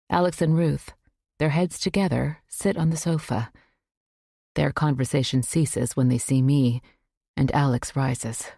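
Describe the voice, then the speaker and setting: Audiobook narrator: woman, first-person suspense, dark gravelly tone, unhurried delivery. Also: low-pitched, dry recording, studio quality.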